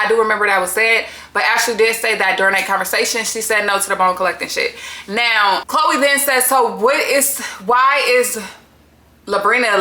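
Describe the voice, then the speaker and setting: In an echoey room, a woman with a medium-pitched, bright, forceful voice gives a casual, profane reality TV recap. She reacts bluntly and with exasperation, cursing heavily throughout.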